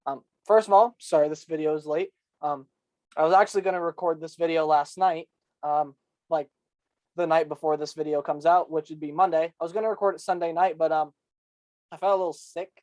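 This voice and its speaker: A man's voice: a little high, fairly even intonation, fairly quick, darkish tone, no room sound. Male host, congested, casual rambly recap, dry close sound. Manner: rambling, full of ums and likes.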